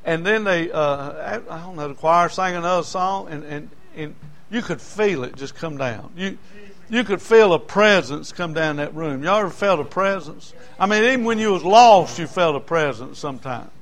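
A man preaching a sermon, telling folksy stories and swinging between loud declarations and hushed asides. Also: fairly high pitch, lively intonation, normal speed.

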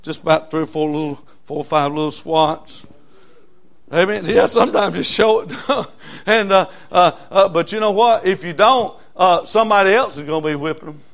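A middle-aged man preaching a sermon. He calls out to his congregation for amens and swings between loud and soft delivery. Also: high-pitched, normal speed, gravelly.

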